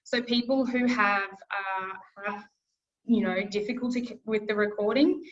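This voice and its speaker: A woman's voice: medium pitch, fairly even intonation, measured pace. A woman with an Australian accent, a speech pathologist giving an online presentation, earnest and repeating words for emphasis. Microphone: video call. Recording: muffled video-call audio.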